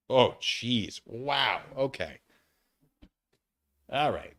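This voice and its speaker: A man's voice: mid-range voice, sing-song, normal speed, pauses often, pushed and bright. A man streaming from his living room, chatting casually and reading chat aloud, rambling and self-deprecating.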